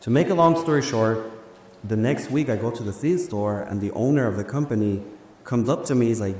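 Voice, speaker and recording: A man casually telling a personal story at a live event, animated and slangy, acting out the dialogue. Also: medium pitch, fairly quick, slight background noise. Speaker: speaker sharing a personal story. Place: large room before a live audience. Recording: echoey hall with faint ambience.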